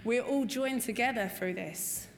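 In a meeting room, a woman shares her personal testimony with a recovery group in a slightly high voice at a measured pace. She's earnest and candid, swears freely, and repeats things for emphasis. The recording has a hall's long reverb, faint room ambience, and slight background noise.

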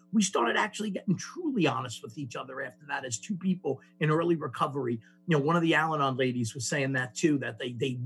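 A man with a gravelly, husky voice tells his recovery story to a meeting. He is lively and acts out the people in the story with plenty of restarts. His voice sits a little higher than most men's. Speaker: speaker sharing a recovery story. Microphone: call audio.

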